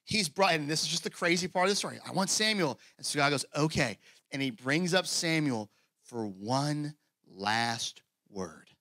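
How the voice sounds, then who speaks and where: A male pastor preaching in a lively, conversational style, full of quick asides. His voice is fairly high for a man and forceful. It is recorded close and dry, with little room sound. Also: dry recording. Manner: acts out scripture quotes in character voices. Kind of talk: sermon.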